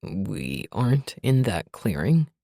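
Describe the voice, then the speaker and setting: Woman playing a male shadow wraith, deep rumble, slurred, slow, gruff. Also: very animated, mellow, dry recording, studio quality, exaggerated voice. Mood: groggy, gruff.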